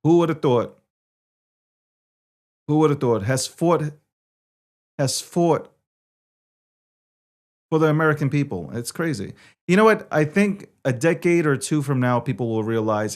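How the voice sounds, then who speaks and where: A man from New York City hosting a show, giving opinionated political commentary with emphatic repetition and swings between loud and soft. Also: on the high side, animated, moderate pace, long pauses. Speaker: show host.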